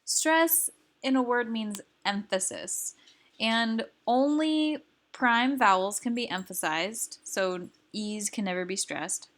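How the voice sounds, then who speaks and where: Slow, careful woman teaching. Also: fairly high pitch, a bit bright. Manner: slow, careful explaining with fillers. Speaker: language teacher. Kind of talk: recorded lesson.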